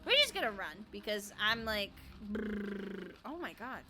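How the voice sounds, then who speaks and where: A woman's voice: medium pitch, sing-song, a little fast, heavy background noise. A woman streaming a game, chatting casually, giggling and rambling, sometimes breaking into playful chants. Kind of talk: casual gameplay commentary.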